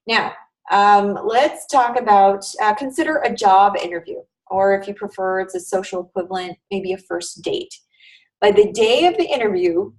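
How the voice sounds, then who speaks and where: A woman's voice: mid-range voice, far from the mic, rough recording. A woman instructor giving a live online class lecture in a conversational way, often checking in with her students. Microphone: video call.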